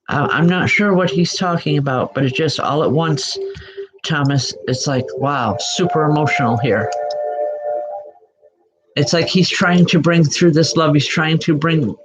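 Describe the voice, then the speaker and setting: A woman working as a spiritual medium, giving live online readings in a gentle, halting way and addressing viewers by name. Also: deep voice, noisy background. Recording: muffled lo-fi audio with music behind.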